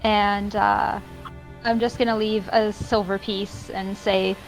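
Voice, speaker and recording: A woman's voice: mid-range voice, flat delivery, slow, creaky, soft background music, low-quality recording. Chatty woman player at a game table. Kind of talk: casual tabletop game chat.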